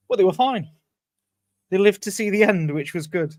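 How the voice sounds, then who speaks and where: A man co-hosting a casual football chat, giving his opinions in a relaxed, conversational way. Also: sits high, a little slow, no room sound, studio quality.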